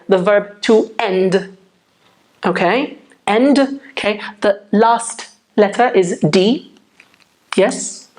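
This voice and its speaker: A woman teaching English pronunciation in a slow, unhurried way. She explains each step patiently and keeps pausing to check that her viewers follow. Her voice has a middle pitch and a clear, careful classroom delivery. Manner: patient, checks in often with "okay?".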